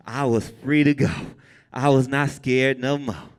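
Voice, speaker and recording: A man telling a comic story live on stage, animated and jumping high when he quotes people. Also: unhurried, clean tone. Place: brewery event space with an audience. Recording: long reverb in a live venue.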